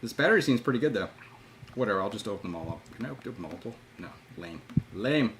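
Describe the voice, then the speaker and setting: A man's voice: fairly low pitch, animated, fast talker. A man hosting a casual livestream who laughs often and talks to himself while working on a computer. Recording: noisy line with clicks.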